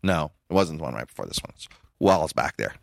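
A middle-aged man co-hosting a podcast in casual chat, blunt and emphatic, his pitch jumping when he presses a point. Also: very animated, fast talker, gravelly, no room sound, clean studio sound. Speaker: podcast co-host.

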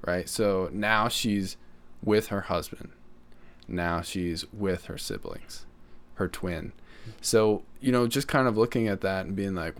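A man's voice: lowish voice, takes it slowly. A man in casual conversation, earnest and storytelling, often saying "you know".

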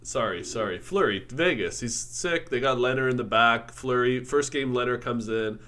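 A man's voice: mid-range voice, normal speed, sharp tone. A man co-hosting a casual sports podcast, joking and teasing his partner and laughing often. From Canada. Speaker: podcast co-host.

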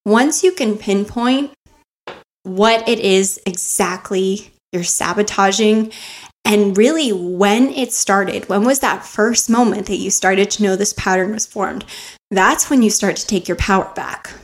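A woman's voice: mid-range voice, measured pace. A woman hosting a self-help podcast, talking earnestly and coaching her listeners with rhetorical questions, close to the mic. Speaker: podcast host. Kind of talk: motivational self-help talk.

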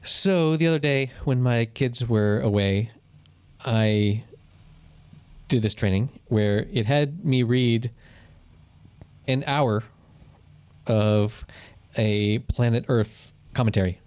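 A man's voice: medium pitch, slow, pauses often, a little mellow, clear, resonant tone, no echo, muffled recording. Man telling a story on a podcast. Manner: storytelling, swears casually. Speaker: podcast co-host. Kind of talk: casual chat.

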